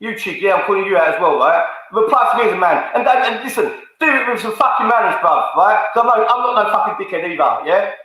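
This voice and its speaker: For his fan channel, a man rants furiously at the camera in a high, expressive, pushed and bright voice, talking quickly with few pauses. He swears, repeats himself and confronts people by calling them out, all in a very echoey room.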